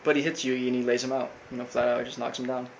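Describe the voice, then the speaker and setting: A man casually recapping a cartoon episode, rambling with lots of fillers and flat quoted lines. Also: mid-range voice, very fast, highs cut off, a little hiss or hum. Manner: rambling, full of fillers, quotes characters flatly. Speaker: recap host.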